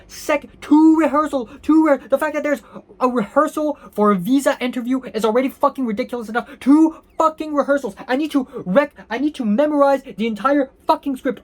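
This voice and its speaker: A young man from Hong Kong ranting angrily and sleepily, swearing constantly and restarting his sentences. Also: very high-pitched. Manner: swears constantly, angry and exasperated, rambling with restarts. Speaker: vlogger. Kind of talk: profane personal rant.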